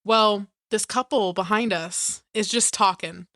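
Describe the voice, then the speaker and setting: A woman's voice: medium pitch, unhurried, bright, forceful tone, no room sound, clean studio sound. A woman in her twenties, a podcast co-host, telling a story in casual chat and laughing often. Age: 20s.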